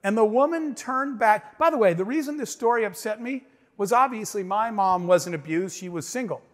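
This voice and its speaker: On stage in a large hall where long reverb follows every line, a middle-aged man gives an inspirational talk about his own story. He speaks at normal speed with animation and emphasis in a high male voice, turning often toward the audience.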